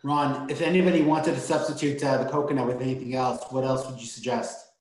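A man's voice: medium pitch, level tone, quick pace. A man moderating a live online cooking event, briefly passing on viewers' questions over a video call. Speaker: webinar moderator. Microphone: video call mic. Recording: very echoey room with faint noise.

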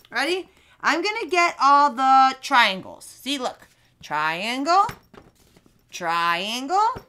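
A young woman teaching small children speech sounds through play, with slow, sing-song, exaggerated talk. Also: sits high, bright, forceful tone. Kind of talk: playful lesson for young kids. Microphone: camera in front, leaning close at times.

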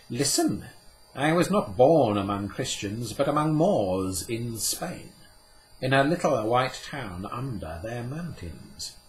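A man's voice: mid-range voice, a little hiss or hum, pitched above the performer's own voice. A man voicing a proud, bitter medieval scholar who declaims in a ringing, grand way, in a storybook reading.

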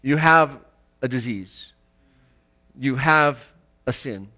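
A man preaching a sermon in a church, emphatic and rising to loud exclamations. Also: medium pitch, takes it slowly. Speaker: pastor.

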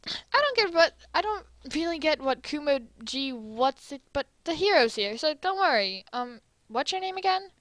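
A woman voicing a loud, boastful young male hero with a brash, bouncy manner. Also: high-pitched, big pitch swings, normal speed, dry recording, pitched above the performer's own voice. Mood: boisterous.

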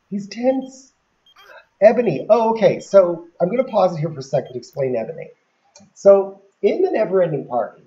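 A woman's voice: low voice, mellow, dull audio. A woman giving casual gameplay commentary, chatty and laughing often as she talks to the characters on screen.

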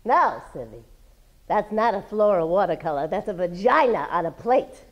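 An actress on stage playing a blunt, nosy woman who talks briskly. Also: lowish voice, big pitch swings, lo-fi sound. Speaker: stage actor. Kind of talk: live stage comedy acting.

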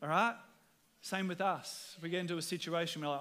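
In church, a pastor with an Australian accent preaches a sermon in an earnest, conversational way, often repeating words as he starts sentences. His voice is on the high side, brisk, bright and forceful, with a steady tone.

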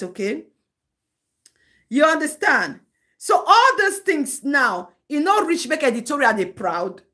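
Scolding Nigerian woman, lively commentary. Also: high voice. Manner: scolding, lecturing, breaks into laughter. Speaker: live-stream commentator. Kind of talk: gossip commentary.

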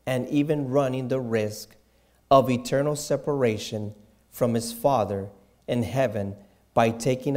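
A man preaching a sermon in a slow, reverent manner, dropping to soft, hushed asides. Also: mid-range voice. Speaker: pastor.

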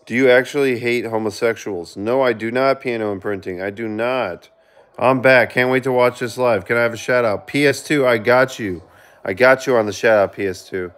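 A man hosting a casual live stream, reading viewer comments aloud and giving shout-outs, earnest with sudden excited outbursts. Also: medium pitch. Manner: reads chat aloud and gives quick shout-outs. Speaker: livestreamer reading viewer chat.

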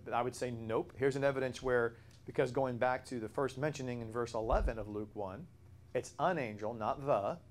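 A man teaching a Bible study class, explaining points at length and answering questions from the room. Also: mid-range voice.

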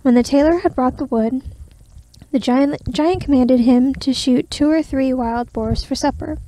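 Woman narrator, soft ASMR fairy-tale reading, high and mellow, close mic, dry. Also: unhurried, poor audio. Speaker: ASMR storyteller.

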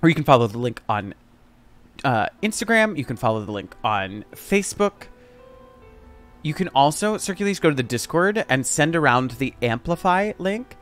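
A man's voice: on the high side, sing-song, moderate pace, a bit bright, faint music behind. A young man chatting sarcastically while playing a game on a live stream, exclaiming often.

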